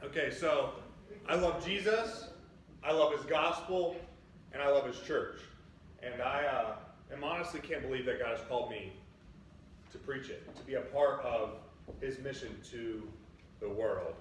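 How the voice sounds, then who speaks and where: Chatty young preacher in an echoey church. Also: male voice, medium pitch, a little slow, slight background noise. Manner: chatty, upbeat, full of "like" fillers. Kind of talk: casual storytelling sermon. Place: church sanctuary. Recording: echoey church from a distant mic.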